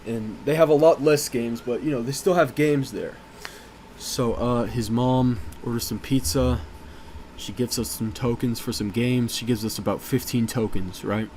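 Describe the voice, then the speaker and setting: A man's voice: mid-range voice, fairly even intonation, moderate pace, a little mellow, slight background noise. A man telling a story in a casual, rambling, profane way, full of "uh" and "you know".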